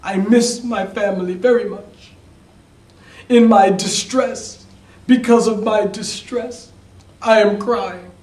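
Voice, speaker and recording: A man voicing an anxious, lazy young woman from a fairy tale, pitching his voice up and sounding flustered. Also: steady tone, slow pace, a little mellow, close to an everyday voice. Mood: tearful. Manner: high, pleading and flustered. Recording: roomy, distant mic.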